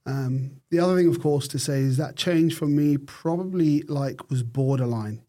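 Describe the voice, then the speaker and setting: A middle-aged neurosurgeon from the United Kingdom recounts his story in an interview, marked by thoughtful pauses and repeated restarts. His pitch is fairly high and his tone dark.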